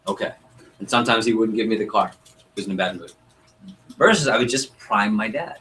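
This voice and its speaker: A young man running a sales training workshop, coaching a group and acting out customer dialogue in an energetic way. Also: on the low side, brisk, long pauses, slight background noise, rough recording. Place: meeting room with group.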